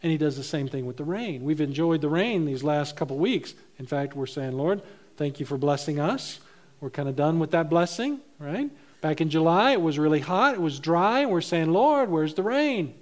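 A man preaching a sermon as pastor of his church, animated, swinging between loud emphasis and soft, low asides. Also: a little fast, hardly any pauses.

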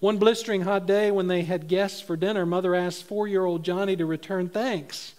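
Man, middle-aged, pastor, sermon, humorous anecdotes, laughs at own jokes, fairly high voice. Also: steady tone, normal speed, few pauses, a little mellow.

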